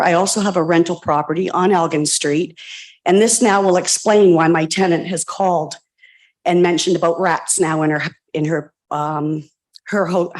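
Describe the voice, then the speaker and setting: A woman's voice: mid-range voice, a little mellow. Emotional woman speaking at a public meeting. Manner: emotional, passionate, repeats pointed questions. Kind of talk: impassioned public comment.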